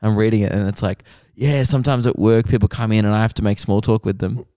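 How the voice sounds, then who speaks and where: A man co-hosting a podcast, reading listener messages aloud in a relaxed way with sighs and laughs. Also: lowish voice, quick pace, no echo, studio quality. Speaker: podcast co-host.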